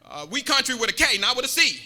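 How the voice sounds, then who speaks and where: Brief: male preacher, very high bright voice, playful call-and-response sermon, echoing church hall. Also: sing-song, fast. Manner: joking, repetitive, calls out to the congregation.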